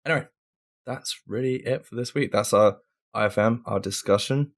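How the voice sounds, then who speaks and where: A man's voice: on the low side, moderate pace. A man hosting a casual gaming podcast, talking in a rambling, laid-back way and swearing now and then. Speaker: podcast host.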